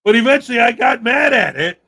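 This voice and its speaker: A man's voice: very high-pitched, a little fast, slightly rough. A young man hosting a livestream, telling stories in a casual chat and acting out the quotes. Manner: animated storytelling, acts out quotes. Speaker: livestream host.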